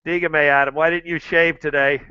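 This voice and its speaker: Middle-aged American male host, chatty and repetitive, with a clear, rather high voice. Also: flat delivery, moderate pace, bright, forceful tone, no room sound, dull audio. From United States. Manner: addresses listeners directly, chatty and repetitive. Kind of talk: casual talk to listeners.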